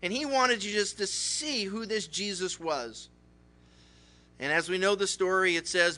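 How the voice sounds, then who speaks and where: A man preaching a Bible study sermon, telling the story in a lively way. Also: sits high, unhurried. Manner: animated storytelling, acts out characters. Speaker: pastor.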